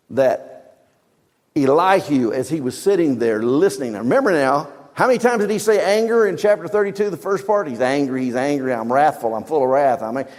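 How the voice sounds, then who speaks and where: A man's voice: fairly high pitch, darkish tone, long reverb tail. A male pastor preaching a sermon, reading scripture aloud with dramatic emphasis and asking the congregation questions. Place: church sanctuary.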